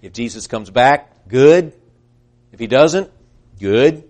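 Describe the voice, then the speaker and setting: A man delivers an earnest sermon, building to emphatic peaks before trailing off quietly and acting out the voices he quotes. His mid-range voice has lively intonation, and he speaks at a slow pace.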